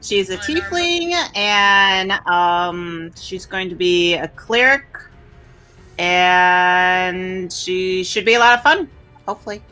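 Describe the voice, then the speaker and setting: A woman introducing her character at a tabletop game, soft and hesitant. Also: lowish voice, slow, smooth, soft background music. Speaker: player.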